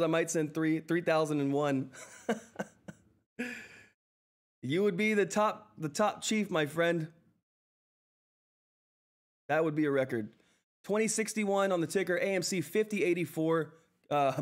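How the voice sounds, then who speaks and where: Male livestream host, somewhat high voice, excitable and gushing, laughs between lines, seated at home. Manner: effusive, thanks viewers over and over, laughs often; excitable, flustered exclamations. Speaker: livestream host reading viewer chat. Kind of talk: live stock-trading stream commentary.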